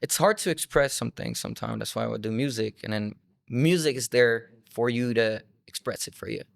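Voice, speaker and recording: Young French-born musician, casual and rambling. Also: male voice, medium pitch, a little fast, creaky, no room sound. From France. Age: 20s. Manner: loose, rambling storytelling with many "like" fillers. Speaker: musician guest. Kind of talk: casual interview chat.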